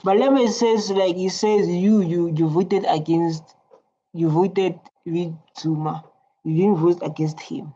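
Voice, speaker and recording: A woman's voice: fairly low pitch, steady tone, unhurried, warm tone, highs cut off. A woman giving casual reaction commentary, rambling and repeating her words. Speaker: reaction video host.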